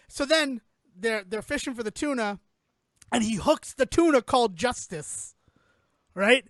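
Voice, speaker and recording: A man hosting a casual comedic film recap, animatedly retelling scenes and acting out characters in lowered voices. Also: animated, unhurried, fairly bright tone, no room sound. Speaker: podcast host recapping a film.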